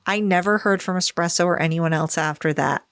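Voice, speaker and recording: A woman's voice: lowish voice, brisk, fairly bright tone, clear, resonant tone. A woman podcast host reading a listener's story aloud, expressively acting out the quoted lines.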